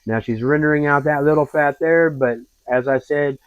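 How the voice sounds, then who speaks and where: A man hosting a home cooking video, narrating in a relaxed, folksy and rambling way. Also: fairly high pitch, normal speed, clear, resonant tone, no echo. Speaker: cooking show host. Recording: dull lo-fi, dry.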